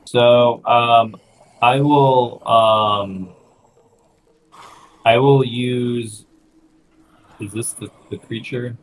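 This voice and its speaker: A man playing in a tabletop game, speaking in a measured way and asking questions about the scene. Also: mid-range voice, steady tone, a little hiss or hum, low-quality recording. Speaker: player.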